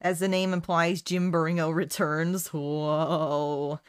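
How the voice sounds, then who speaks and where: A woman's voice: on the low side, lively intonation, unhurried, no room sound. A woman streaming while she draws, chatting playfully with her chat in a casual, rambling way. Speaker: art streamer.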